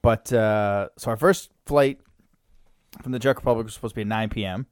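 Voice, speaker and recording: A man's voice: lowish voice, brisk, smooth, dry recording, clean studio sound. A man from Canada hosting a podcast, telling a travel story in a chatty way and laughing often. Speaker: podcast host. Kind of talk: casual podcast chat.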